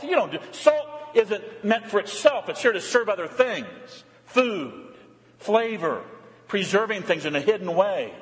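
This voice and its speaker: A man preaching a sermon as pastor, emphatic, rising high and then dropping to a low murmur. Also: sing-song, unhurried. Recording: long reverb of a church hall.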